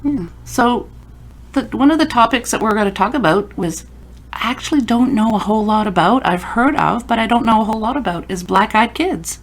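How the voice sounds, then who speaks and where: Brisk and fairly high-pitched, this podcast host chats casually on her paranormal show. Her interview-style talk is full of stories punctuated by quoted asides.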